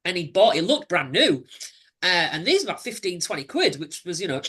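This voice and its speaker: Male guest, 40s, bright timbre, candid reflective storyteller with frequent restarts. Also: high voice, sing-song, brisk, breathy edge. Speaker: podcast guest. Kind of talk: personal storytelling in an interview.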